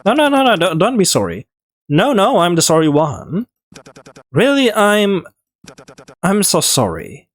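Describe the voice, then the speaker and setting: A game player voicing a gentle, apologetic young man, reading a visual novel aloud in a soft, halting way. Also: medium pitch, huge pitch swings, voice pushed up.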